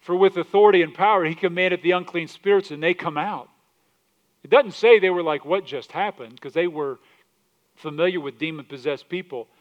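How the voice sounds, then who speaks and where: A man's voice: sits high, brisk, lo-fi sound. A male pastor preaching a sermon, reading scripture aloud in old English and putting direct questions to his congregation.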